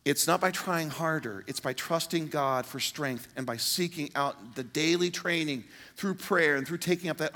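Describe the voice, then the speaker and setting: A man's voice: medium pitch, a bit bright. An older man preaching a sermon as pastor, earnest and pleading, with sudden emphatic outbursts.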